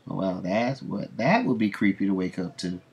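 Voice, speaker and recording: A man's voice: low-pitched, expressive, normal speed, a little mellow, husky, lo-fi sound. A man reading comics aloud and commenting bluntly, swearing as he reacts. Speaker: comic book reader host.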